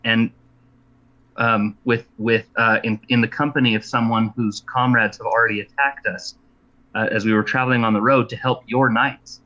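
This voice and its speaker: A male tabletop player, talking in a bright voice with hesitant fillers and playful boasts. The sound is dull and lo-fi. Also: medium pitch, flat delivery, moderate pace. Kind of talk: casual tabletop play.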